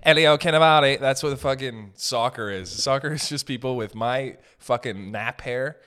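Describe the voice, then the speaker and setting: Hosting a solo podcast, a man riffs through a rambling, profane comedic monologue, hopping from tangent to tangent. His voice is medium-pitched and fairly bright, at a normal speed.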